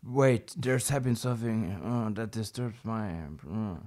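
A man doing a hoarse, murmuring old mafia boss. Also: on the low side, fairly even intonation, unhurried, darkish tone, voice pushed down, natural voice. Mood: smug. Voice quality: hoarse, strained whisper of a voice. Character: aging mafia boss, hoarse, quiet and menacing.

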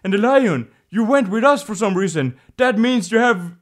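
A man's voice: high-pitched, animated, moderate pace. A man in casual conversation, retelling film plots playfully with frequent laughs. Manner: playful, laughing, acting out quotes. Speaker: conversation partner.

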